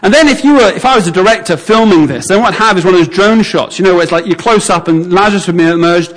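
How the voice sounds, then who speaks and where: A man with a notably high voice delivers a sermon. He tells the story vividly and acts out how the onlookers would have reacted. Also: fast talker, fairly bright tone. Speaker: preacher.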